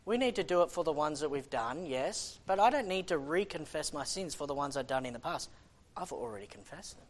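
A man's voice: a little high, animated, fairly quick. A man preaching a sermon in an impassioned, conversational way, often restarting his sentences.

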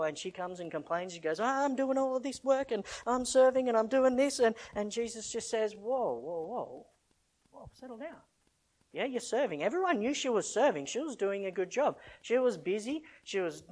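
A man preaching a conversational sermon as a missionary, asking the congregation rhetorical questions and swinging between loud and soft. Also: high voice.

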